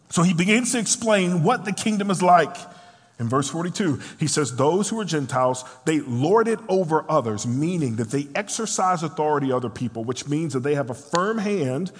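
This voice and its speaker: A man preaching a sermon in a church, dramatic, acting out voices and swinging from loud to hushed. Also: a little high, slightly rough. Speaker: pastor. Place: church sanctuary. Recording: long reverb of a large hall.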